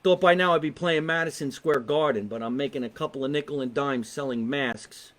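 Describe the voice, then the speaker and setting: A man's voice: medium pitch, brisk, a bit bright. A man with a New Jersey accent hosting a live online comedy talk show from his basement, brash and joking with viewers, swearing freely. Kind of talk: casual live-stream chat. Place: home basement.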